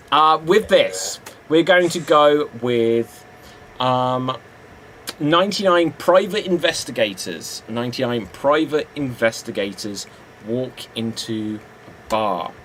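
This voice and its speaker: Slow, hesitant male improv host. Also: mid-range voice, expressive, a bit bright. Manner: laughs often, hesitant and unhurried. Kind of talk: casual improv game hosting. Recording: faint background noise.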